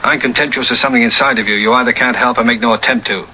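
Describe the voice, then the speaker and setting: A man's voice: mid-range voice, fairly even intonation, racing, bright, forceful tone, poor audio. An actor playing a suave, scornful man in a 1940s film scene, with a clipped transatlantic delivery. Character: suave, scornful man lecturing a proud woman. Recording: old film audio with faint noise.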